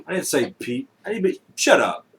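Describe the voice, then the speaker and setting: A man's voice: on the high side, sing-song, normal speed. A man co-hosting a casual banter show, joking and teasing his partner with bursts of laughter. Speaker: podcast co-host. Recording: faint background noise and clicks.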